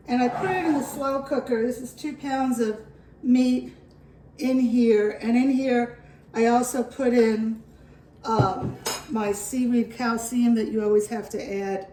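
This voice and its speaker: Slow-talking New York woman, roomy kitchen. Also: a little high, warm tone, recorded from a distance, slight background noise. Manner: chatty, reassuring, with fillers. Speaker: home cooking channel host. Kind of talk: casual cooking demonstration.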